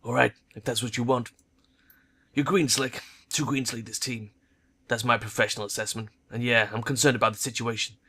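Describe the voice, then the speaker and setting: A hard-nosed female troll veteran mercenary, as a man puts her on, speaking in curt, clipped, unsentimental lines. The voice is bright and sharp-edged, never softening. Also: mid-range voice, fairly even intonation, a little fast, husky. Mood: stern. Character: blunt stern female troll ex-soldier mercenary.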